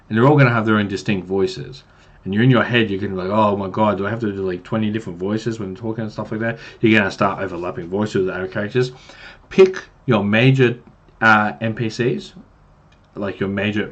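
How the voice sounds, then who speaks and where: A man's voice: on the low side, breathy edge. A man who runs tabletop games, giving casual advice on a livestream in a rambling, self-deprecating way and swearing now and then. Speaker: game master and streamer.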